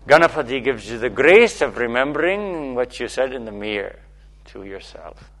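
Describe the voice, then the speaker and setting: A man's voice: mid-range voice, expressive, normal speed, a bit bright. A man, a spiritual teacher, giving a playful, repetitive talk to listeners, often checking in with "okay?".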